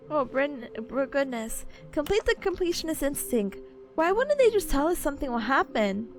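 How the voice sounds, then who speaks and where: High-pitched giggly woman streaming a game. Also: a bit bright. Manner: playful, giggly, reads game text aloud.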